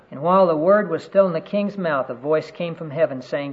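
A man's voice: a little high, a little fast, few pauses. Earnest male preacher, lo-fi recording. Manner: earnest storytelling, quotes scripture. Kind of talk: sermon. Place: conference room. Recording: dull lo-fi sermon recording.

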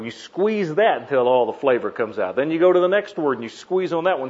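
A man delivering a teaching sermon in an earnest voice that sits a little high for a man. He stresses single words with sudden emphasis. The recording sounds dull and lo-fi. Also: animated, fairly quick, hardly any pauses, husky. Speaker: preacher. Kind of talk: teaching sermon on Bible meditation.

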